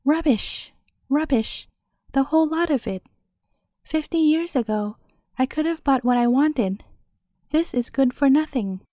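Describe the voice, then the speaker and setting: A rude and menacing old crone from a storybook, muttering in a cracked, croaking voice, played by a woman reading aloud. The voice sits high yet dark, in a dry, close sound. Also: animated, dry recording. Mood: scornful. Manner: slow, grim muttering.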